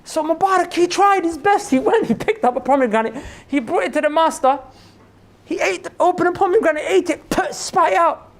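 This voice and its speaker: A man preaching to an audience in a mosque hall, telling a story with lively delivery. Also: very high voice, a little fast, vocal fry. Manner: animated storyteller, addresses audience as brothers. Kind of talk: storytelling sermon.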